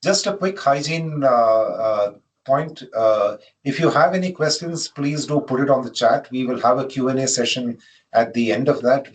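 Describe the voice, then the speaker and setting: A man's voice: medium pitch, poor audio. Man hosting a webinar. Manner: slow, many "uh" fillers. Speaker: webinar host. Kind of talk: webinar introduction. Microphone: video call.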